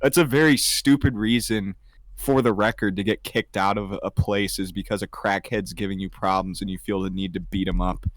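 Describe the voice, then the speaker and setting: Young man, podcast co-host, low voice, dry close sound, swears a lot, laughs at own jokes. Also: steady tone, moderate pace, no room sound. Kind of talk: casual crude chat.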